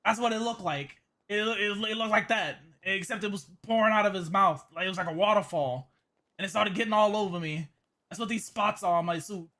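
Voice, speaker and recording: Guy with a high bright voice, rambling roleplay story, keeps stumbling over words. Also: a little fast. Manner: rambling, repeats words, stammers. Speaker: roleplay character giving a statement. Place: game voice chat.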